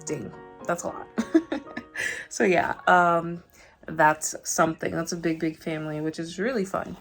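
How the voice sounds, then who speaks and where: A woman's voice: fairly low pitch, a little slow, creaky, faint music behind. A young woman vlogger reading a book aloud and chatting about it, giggling often and full of emotional asides. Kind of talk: casual read-aloud with commentary.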